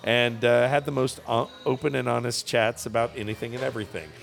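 A man's voice: medium pitch, fairly even intonation, fairly quick, creaky, soft background music. A man co-hosting a casual comedy podcast, reading out a news story and joking along the way with lots of fillers.

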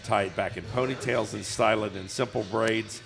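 A man's voice: lowish voice, fairly even intonation, normal speed, creaky, music in the background. A man co-hosting a casual chat, talkative and self-mocking, laughing often.

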